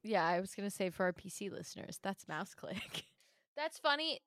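A woman co-hosting a casual podcast, retelling a game event in an animated way and laughing often. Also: mid-range voice, normal speed, dry recording, clean studio sound. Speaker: podcast co-host. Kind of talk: casual podcast chat about a video game.

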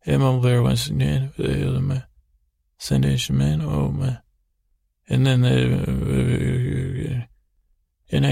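A man telling a meandering, improvised bedtime story in a halting, rambling way. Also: medium pitch, gravelly, a little mellow, no echo, studio quality. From United States. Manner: meandering, halting, full of restarts. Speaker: sleep story narrator.

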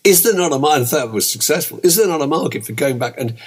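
A man's voice: fairly high pitch, animated, quick pace, husky. An older man co-hosting a podcast, chatting in a rambling way with many asides. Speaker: podcast co-host. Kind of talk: casual chat.

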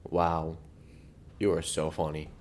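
A man co-hosting a casual podcast chat, goofing around with deadpan trolling jokes. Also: rumbling low, slow. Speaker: podcast co-host.

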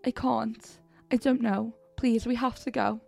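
A terrified teenage girl sobbing out broken, halting pleas, voiced by a woman reading a horror story. The voice sits fairly high with a gravelly fry, over faint background music. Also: fairly even intonation, a little mellow. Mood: tearful pleading. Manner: tearful, broken, halting sentences.

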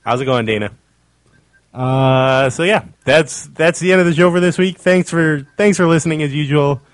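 A man's voice: fairly high pitch, moderate pace, dry recording. A man hosting a podcast, teasing his co-hosts in casual chat. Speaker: podcast host.

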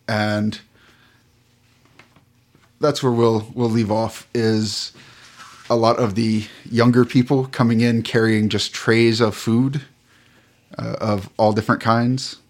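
A man narrating a tabletop game as game master, unhurried and halting, with many fillers. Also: fairly low pitch, little pitch movement.

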